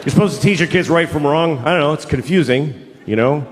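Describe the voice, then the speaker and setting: A middle-aged man doing a stand-up comedy set, ranting and profane, with sudden mock-outraged yells. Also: on the high side, quick pace, slight background noise. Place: large theater stage before a laughing audience. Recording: roomy live venue with loud crowd.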